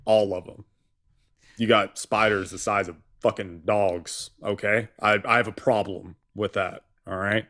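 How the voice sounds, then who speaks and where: A man's voice: on the low side, fairly even intonation, unhurried, a bit bright. Ranting, profane male co-host. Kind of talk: casual live-stream chat.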